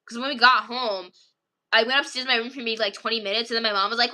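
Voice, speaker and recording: A woman's voice: on the high side, fairly even intonation, fast talker, pushed and bright. A woman chatting casually with her viewers, rambling through stories with lots of fillers and frequent giggles. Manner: rambling, filler-heavy storytelling. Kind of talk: casual chat.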